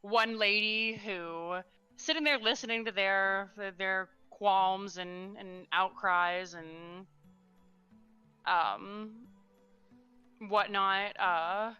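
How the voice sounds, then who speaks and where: A young woman narrating a tabletop game as game master, halting, with many fillers. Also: medium pitch, sharp tone, clean tone, lo-fi sound, soft background music.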